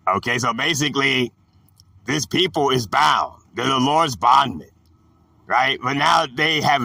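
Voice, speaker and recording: A man slowly teaching a Bible chapter in an informal, drawling way, repeating phrases and talking back to an imagined devil. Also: medium pitch, gravelly, bright, forceful tone, no echo, distant mic. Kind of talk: informal Bible study monologue.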